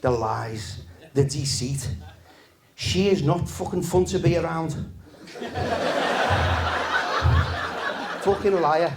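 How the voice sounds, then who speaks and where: Man, 50s, stand-up comic, relaxed deadpan delivery, sweary. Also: fairly high pitch, measured pace, vocal fry, a crowd in the background. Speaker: stand-up comedian. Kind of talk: stand-up comedy set. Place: live comedy venue with audience.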